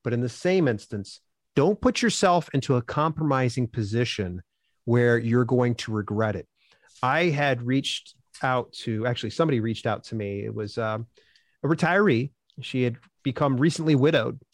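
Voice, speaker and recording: A man answering interview questions as a self-publishing expert, upbeat and animated, acting out quotes as he tells stories. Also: medium pitch, normal speed, no echo, studio quality.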